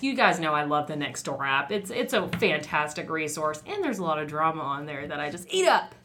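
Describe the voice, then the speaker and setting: A woman radio host telling a story in casual podcast chat, animated and quick to act out the people in it. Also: on the low side.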